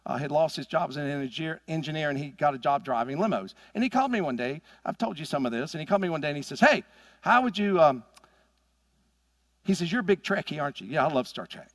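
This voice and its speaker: A middle-aged man preaching a sermon as pastor, swinging from loud emphatic peaks to quiet asides. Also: on the high side, animated, fast talker, no room sound, studio quality. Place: church sanctuary.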